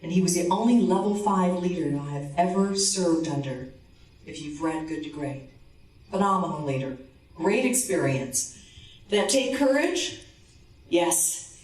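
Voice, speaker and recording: A woman giving a motivational conference talk. She tells a story and acts out the dialogue, dropping her voice low for the man. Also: darkish tone. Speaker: conference speaker. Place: conference hall. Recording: roomy hall, distant mic.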